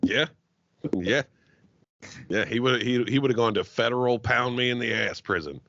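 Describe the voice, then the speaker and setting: A man's voice: mid-range voice, moderate pace, gravelly, fairly bright tone, no room sound, dull audio. A man co-hosting a podcast, swearing freely and laughing as he jokes, with frequent stumbling restarts. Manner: profane, joking, laughs often, trailing restarts. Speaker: podcast co-host. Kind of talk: crude comedic podcast banter.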